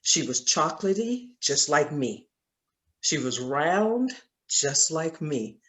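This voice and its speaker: A low, slightly bright, very animated voice that takes its time belongs to a Southern woman running a video-call Bible study. She tells a personal story earnestly, laughs a lot, and keeps the Bible teaching conversational.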